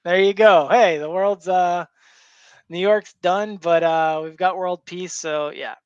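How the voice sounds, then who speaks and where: A man's voice: high voice, fairly even intonation, takes it slowly, clean tone, no room sound, muffled recording. A man hosting a show, casually retelling a story to a co-host in a loose, rambling way full of fillers. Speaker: show host recapping a comic.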